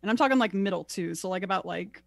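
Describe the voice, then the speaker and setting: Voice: mid-range voice, fast, creaky, no room sound, clean studio sound. A player in a casual tabletop game, talking hesitantly with many fillers and small laughs. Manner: hesitant, filler-heavy, giggly.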